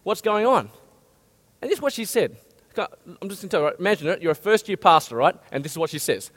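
A male pastor preaching a lively sermon and asking his listeners many questions. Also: sits high, fast. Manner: animated, asks the audience many questions. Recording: long hall reverb.

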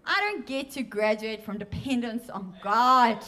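High-voiced, earnest woman preaching. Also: expressive, measured pace, few pauses, sharp tone. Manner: emotional, earnest, exclamatory. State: tearful at times. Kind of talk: sermon. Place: church.

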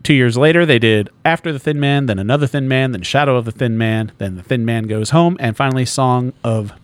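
A man's voice: medium pitch, fairly quick. A man co-hosting a podcast in casual chat, blunt and swearing casually. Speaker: podcast co-host.

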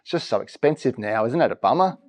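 A man with a mid-range voice talks fast as he preaches in church. His interactive sermon is lively: he reads verses and quizzes the congregation for reactions.

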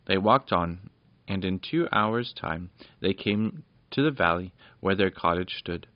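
A low-voiced man reads a children's storybook aloud in a plain, steady way, stumbling now and then. The recording is lo-fi and dry, with no room sound. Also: measured pace, no room sound. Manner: plain, steady reading with small slips.

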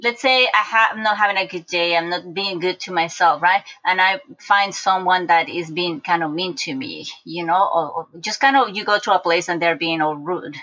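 Bright-voiced woman telling animated stories. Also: on the low side, moderate pace, hardly any pauses. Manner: animated storyteller with many restarts and acted-out quotes. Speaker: guest. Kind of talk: casual conversation, personal storytelling. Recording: dull lo-fi recording.

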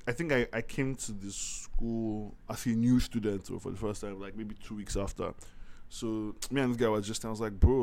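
A man telling a long story on a casual podcast, animated, laughing often and full of slang. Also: on the low side. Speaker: podcast host.

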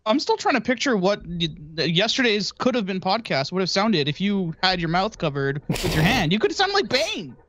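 A man's voice: high voice, very animated, normal speed, hardly any pauses, a bit bright. A man co-hosting a casual podcast, joking along and giggling. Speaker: podcast co-host.

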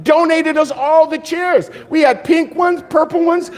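A male pastor preaching a sermon in an animated way, asking rhetorical questions and answering them himself, with jokes and laughs between points. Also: very high voice, unhurried.

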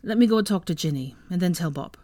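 A woman's voice: lowish voice, animated, fast, mellow, no echo, natural voice. A woman reading fan fiction aloud, voicing a careless young man who speaks bluntly. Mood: sheepish.

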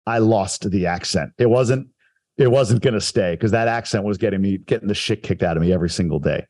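A man's voice: on the low side, brisk, darkish tone. Man reflecting on his past. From Long Island, New York. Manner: reflective, self-deprecating storytelling with laughs. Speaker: guest telling his life story. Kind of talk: casual podcast conversation.

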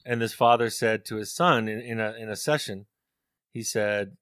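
A man's voice: fairly low pitch, steady tone, moderate pace, a bit bright, clean tone, dry recording. Earnest middle-aged man, dry close mic. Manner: earnest, storytelling, repeats words as he thinks. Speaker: therapist and author. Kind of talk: reflective interview talk.

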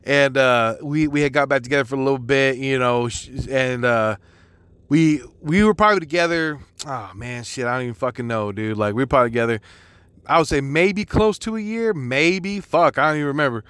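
A man's voice: mid-range voice, a little fast, fairly bright tone, clear, resonant tone, no echo. A young man telling a rambling personal story, swearing constantly, with many restarts and fillers. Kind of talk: casual storytelling monologue.

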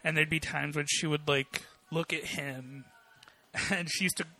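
Dude in casual chat, kinda high bright voice, earnest and reflective, lots of uhs. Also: male voice, steady tone, measured pace. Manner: earnest, reflective storytelling with hesitations.

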